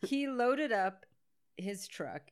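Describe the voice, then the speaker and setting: A woman's voice: fairly high pitch, very animated, slow pace, clear, resonant tone. A woman co-hosting a podcast, chatting casually and sarcastically about a movie, swearing and laughing often. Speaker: podcast co-host. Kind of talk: casual movie-riffing chat.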